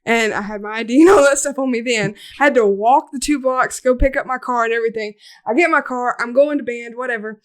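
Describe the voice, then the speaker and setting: Young female podcast host, high voice, loose and animated storyteller, swears freely. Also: quick pace, hardly any pauses. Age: young adult. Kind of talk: casual storytelling chat.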